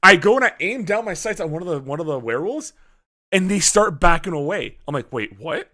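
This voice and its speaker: A man on a casual podcast tells a story with a lot of energy, acting out his own reactions and swearing freely. His voice sits a little high and swoops up and down in pitch. He sounds like a host chatting with friends. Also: animated, brisk, sharp tone.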